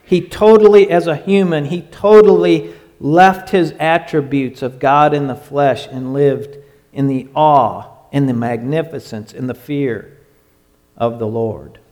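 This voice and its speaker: A man preaching a sermon in an emphatic way, stretching out his phrases and sometimes dropping to a hush. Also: a little high, a little slow. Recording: long hall reverb.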